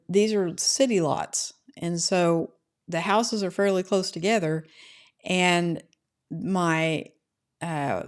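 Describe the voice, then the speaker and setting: This is a middle-aged woman with a voice sitting a little low. She runs a casual livestream from home and rambles through viewers' comments in an easygoing, chatty way. She often tags her sentences with "right?". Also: a little mellow. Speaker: livestream host reading chat.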